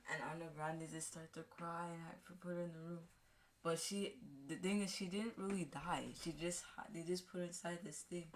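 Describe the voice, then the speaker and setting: A woman vlogger casually recapping a movie, rambling with halting restarts and fillers. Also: fairly low pitch, fairly even intonation. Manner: acts out characters' lines in a raised voice.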